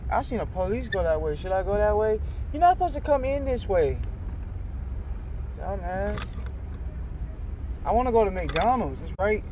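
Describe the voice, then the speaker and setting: A young man with a high voice rants loudly from his car, exasperated and swearing as he talks to a phone. Faint traffic hums in the background. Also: very animated, normal speed, long pauses. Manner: loud, exasperated, swearing, shifts pitch often. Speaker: vlogger. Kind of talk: casual vlog rant. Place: in a car in a drive-thru line.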